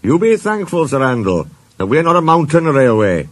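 A man's voice: mid-range voice, sing-song, normal speed, pitched above the performer's own voice. A man voicing a wry old male engine in a storybook reading, speaking firmly and teasingly. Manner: firm, teasing.

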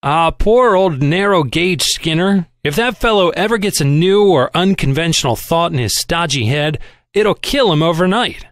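A man reading a novel aloud as scripted narration, giving the characters their own voices in a lively, expressive way. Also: a little high, moderate pace, no echo, studio quality. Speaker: audiobook reader.

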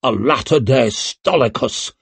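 A man's voice: mid-range voice, a little slow, gravelly, husky, no echo, heavily acted. A man playing an eager plotting nobleman. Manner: eager, flattering.

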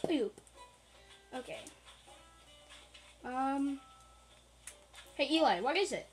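A woman's voice: sits high, expressive, drawn-out words, faint music behind, poor audio. A woman giving casual, rambling, playful commentary while playing a video game, with jokey asides. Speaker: gaming channel host.

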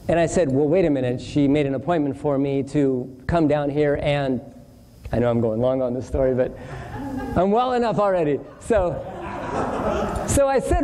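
A man preaching as a pastor, telling a long personal anecdote in an animated way and acting out each voice in it. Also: fairly high pitch, moderate pace. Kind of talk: storytelling sermon. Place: church hall. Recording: distant hall reverb, faint noise.

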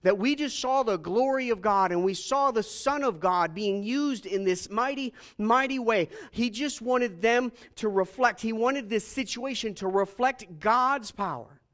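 A man preaching a sermon as pastor, animated and acting out scenes with jokes. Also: high-pitched, measured pace, few pauses.

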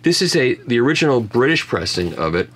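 A man's voice: medium pitch, very animated, fast talker, fairly bright tone, slight background noise. A man reviewing vinyl records in a casual conversation, chatty and full of self-mocking jokes and restarts. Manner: chatty storyteller who often restarts and jokes about himself.

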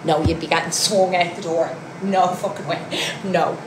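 A woman's voice: fairly low pitch, fairly even intonation, moderate pace. A young Irish woman with a Louth accent chats casually with her viewers, reading their comments and giving blunt opinions, often laughing. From Ireland, County Louth. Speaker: streamer chatting with viewers. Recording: roomy echo with faint background hum.

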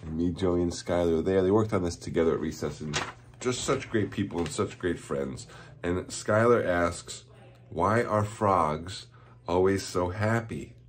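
A man's voice: sits low, normal speed, a little hiss or hum. A man, a school principal, giving cheerful morning announcements to students and chuckling at their jokes.

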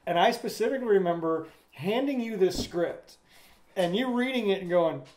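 A man's voice: high voice, expressive, normal speed, darkish tone, a little hiss or hum. A man hosting a casual podcast chat, talkative and laughing as he tells stories. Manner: chatty, laughs while telling stories. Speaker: podcast host and filmmaker.

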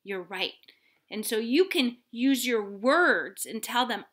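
Slow, bright-voiced preschool teacher. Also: female voice, fairly high pitch, lively intonation. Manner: drops often to a soft whisper, then warm emphasis; patient, coaxing, asks children questions. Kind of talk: gentle lesson for young children.

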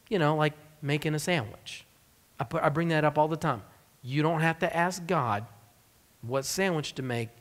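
A man's voice: on the high side, big-room sound. A man preaching a sermon as pastor of a church, in a conversational, joking style. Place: church sanctuary.

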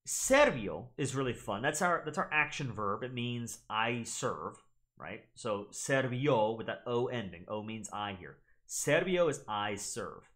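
A man who teaches Latin, explaining pronunciation in a casual, chatty way. He repeats words carefully to model them and talks straight to his viewers. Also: mid-range voice. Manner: animated, chatty, addresses viewers directly.

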